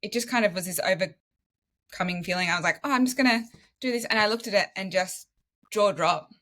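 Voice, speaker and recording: A woman's voice: mid-range voice, a little fast, a bit bright. Aussie woman, 30s, telling her story on a podcast, laughs a lot and acts out quotes. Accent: Australian. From Western Australia. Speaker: guest, medical student and former nurse. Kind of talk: storytelling in casual podcast chat.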